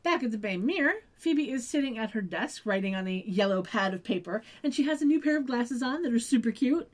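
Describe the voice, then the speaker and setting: A woman co-hosting a podcast, retelling a TV episode in relaxed, agreeable casual chat. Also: a little high, fairly quick. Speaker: podcast co-host.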